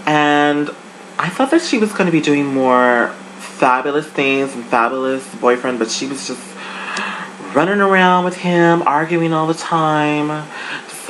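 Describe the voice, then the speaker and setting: Sassy gossiping reviewer, noisy recording. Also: a bit bright. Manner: sassy, dishy, big pitch swings. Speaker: online show reviewer.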